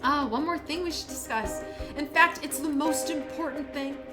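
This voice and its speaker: A cruel, taunting male killer with a sneering, profane delivery, as a woman reads him aloud. He speaks a little high for a man, with music behind the voice. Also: fairly even intonation, normal speed, natural voice. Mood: gloating. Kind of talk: reading a game's dialogue aloud.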